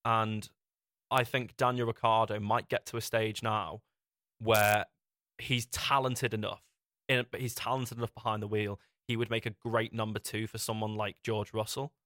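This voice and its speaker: A man's voice: lowish voice, level tone, moderate pace, a bit bright, no echo, studio quality. A young man hosting a podcast, chatting casually and often restarting his sentences. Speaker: podcast host. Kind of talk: casual chat.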